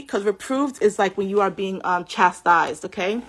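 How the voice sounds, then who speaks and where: A woman giving a casual scripture teaching on a livestream, chatty and animated, often saying "like", talking into a computer webcam mic. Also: medium pitch, normal speed. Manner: chatty and animated, many "like"s, laughs. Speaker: spiritual teacher.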